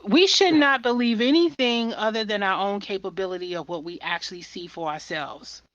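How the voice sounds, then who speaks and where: A woman's voice: mid-range voice, normal speed, no echo. A woman hosting a podcast who talks with fervent, preachy conviction and often repeats her words. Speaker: podcast host. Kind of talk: impassioned podcast conversation. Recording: dull muffled audio.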